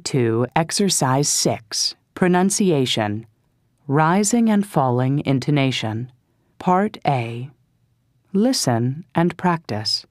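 Low, slow woman announcing lessons. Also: animated, darkish tone, dry recording, clean studio sound. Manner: slow, measured announcing of exercise numbers. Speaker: audio narrator for an English course. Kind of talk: scripted instructional announcing.

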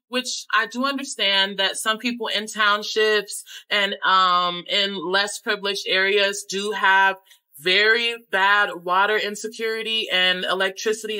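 A young woman with an American accent talks straight to camera about her travels. Her voice is bright and forward at a middling pitch. She speaks candidly and conversationally, often leaning on "like". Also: smooth, low-quality recording. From United States. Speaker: travel vlogger. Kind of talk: casual talk to camera.

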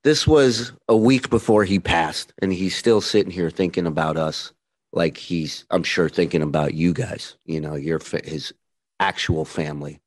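Low-voiced man hosting a tribute chat. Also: moderate pace. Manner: earnest, reflective. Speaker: podcast host. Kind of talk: casual chat.

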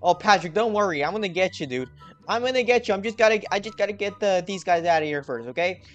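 A man's voice: sits high, fast talker, dull audio, soft background music. A young man commentating his gameplay with lots of energy, talking straight to his viewers. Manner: energetic, talks to viewers, hypes himself up. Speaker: gaming video host.

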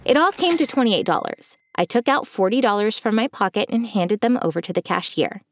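A young woman narrating a first-person story in a scripted, expressive way. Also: medium pitch, fairly quick, slight background noise.

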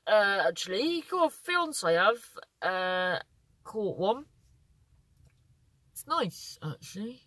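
A woman's voice: medium pitch, a bit bright, no echo. A woman from Cornwall doing a scattered, self-interrupting comic monologue outdoors on a windy day, filming herself on a handheld phone. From Cornwall, England. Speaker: comedian. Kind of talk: rambling stand-up monologue. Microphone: phone held in hand.

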